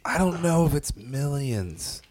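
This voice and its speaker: A man in a casual food-review chat with friends, rambling and restarting his sentences, quick to laugh. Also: mid-range voice, big pitch swings, a little mellow. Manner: rambling, self-interrupting, laughs easily.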